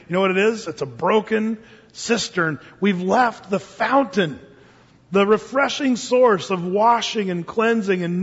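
A man preaching a sermon in an animated way, joking and acting out the voices of the people in his story. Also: high-pitched, breathy edge. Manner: animated, laughing, acts out voices. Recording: dull sound in a reverberant hall.

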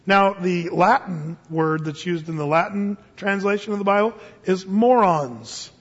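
A man preaches with animated delivery, laughing and jumping into character voices. His voice sits high and a little husky. It rings through a large hall with long reverb, heard on a dull, muffled recording. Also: measured pace. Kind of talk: sermon.

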